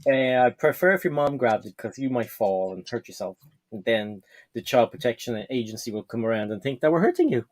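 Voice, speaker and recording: A man's voice: mid-range voice, animated, a little fast. A man hosting a casual live stream from home, chatting and reading viewer comments aloud, often correcting himself.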